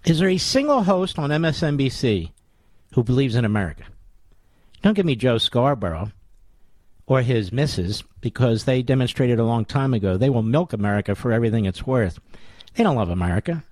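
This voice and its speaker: A man's voice: medium pitch, animated, a little fast, a little mellow, no echo. Combative sarcastic man on talk radio. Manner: sarcastic, combative, rhetorical questions. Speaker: radio talk show host. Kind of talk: opinionated talk radio monologue.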